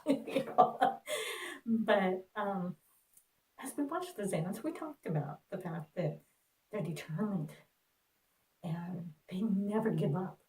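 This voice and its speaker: A woman telling a personal story in an earnest, reflective way, with pauses. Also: mid-range voice, a little mellow. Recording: roomy, distant mic.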